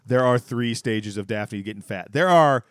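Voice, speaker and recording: Male podcast co-host, smooth clear voice, dry close sound, loose rambling recap delivery. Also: mid-range voice, lively intonation, moderate pace, a bit bright, dry recording. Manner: rambling, many restarts, laughing asides. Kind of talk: casual chat recapping a sitcom.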